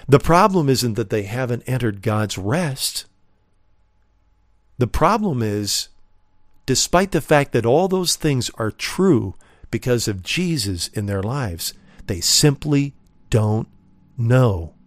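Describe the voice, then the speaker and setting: Earnest male preacher, emphatic, rhetorical questions, mid-pitched, dry close sound. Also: no room sound. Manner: earnest, emphatic, addresses listeners as friends. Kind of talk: sermon teaching.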